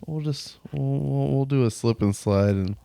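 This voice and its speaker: A man's voice: mid-range voice, normal speed, vocal fry, mellow, clear, resonant tone, no room sound. A Southern man in his thirties co-hosting a podcast, trading crude, joking banter in casual chat. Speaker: podcast co-host.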